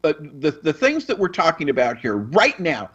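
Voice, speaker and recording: A man's voice: on the high side, wildly swooping pitch, moderate pace, a bit bright, slightly rough. A man co-hosting a radio talk show, speaking to listeners in a wry, mocking way. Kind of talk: casual radio talk banter. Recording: dull lo-fi radio broadcast.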